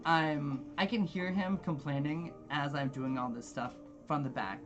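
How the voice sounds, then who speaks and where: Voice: mid-range voice, a little slow, lo-fi sound, music in the background. A gamer telling a long story while playing, rambling and exasperated, swearing freely. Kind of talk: casual storytelling with gameplay.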